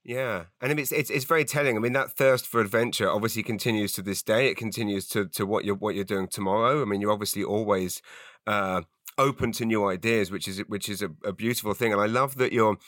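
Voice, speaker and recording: A man's voice: on the low side, a little fast, fairly bright tone, dry recording, clean studio sound. A man hosting a podcast, asking questions enthusiastically and often repeating words. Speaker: podcast host. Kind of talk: interview questions.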